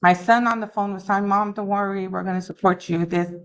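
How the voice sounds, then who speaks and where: A middle-aged woman giving an earnest, halting personal recovery testimony at a meeting. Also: medium pitch, fairly even intonation, clean tone, rough recording. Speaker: alumni speaker at a recovery meeting. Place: meeting room.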